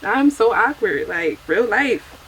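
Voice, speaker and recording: A young woman, a beauty vlogger, chats casually through a get-ready-with-me video while doing her makeup at home, expressive, self-deprecating and laughing at herself often. Her middle-pitched, fairly bright voice moves slowly. A camera mic picks it up with faint hiss underneath, and the audio is poor.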